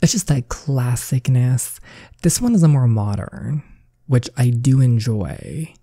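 A man's voice: mid-range voice, big pitch swings, takes it slowly, dark tone, no room sound, clean studio sound. A man giving playful, chatty commentary while reading through a story game. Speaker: gameplay video creator.

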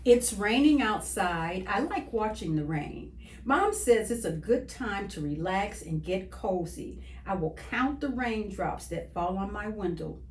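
Woman, children's story reader, slow and lilting, echoey room. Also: mid-range voice, a little hiss or hum. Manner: expressive, sing-song storybook reading. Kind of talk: reading a picture book aloud to children.

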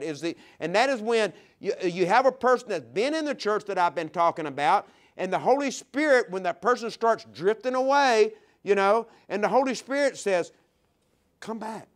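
A man preaching a sermon as pastor, reading scripture aloud and acting out quoted voices, with big swings between loud and soft. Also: high-pitched. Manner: animated preaching with sharp swings in loudness.

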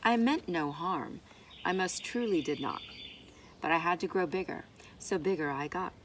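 A woman reading a rhyming picture book aloud in an expressive, rhythmic way. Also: lowish voice, moderate pace, slight background noise. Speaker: storybook reader.

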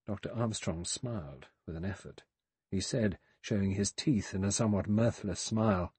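A man narrates a mystery audiobook in a measured, grave way. His voice is husky and on the low side, recorded close and dry, with no room sound at all. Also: darkish tone, no echo. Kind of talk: scripted narration.

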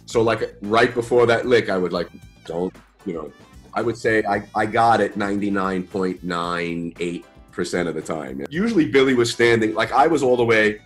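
A man in his fifties from New York, telling stories as a guest in a casual interview, relaxed and chatty with slang and mild swearing. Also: on the low side, normal speed, soft background music. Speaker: guest musician.

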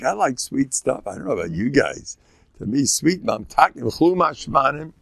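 A man's voice: fairly high pitch, very animated, moderate pace, creaky, no room sound, clean studio sound. An older man, a rabbi giving an informal Torah talk, folksy and joking, sprinkling Yiddish and Hebrew words and jumping between teaching and banter.

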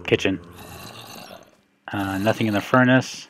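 Low-voiced man joking through gameplay commentary. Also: steady tone, a little slow, fairly bright tone, slight background noise. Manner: rambling, joking, self-interrupting. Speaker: gaming video host.

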